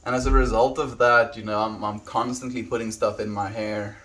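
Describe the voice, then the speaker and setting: A man livestreaming, chatting casually and warmly greeting viewers by name as he reads the chat. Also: lowish voice, flat delivery, fairly quick.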